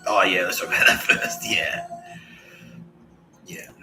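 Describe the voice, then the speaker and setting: A man's voice: deep voice, little pitch movement, measured pace, low-quality recording. A man hosting a podcast in a profane, rambling comedic rant, full of restarts. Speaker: podcast host. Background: music.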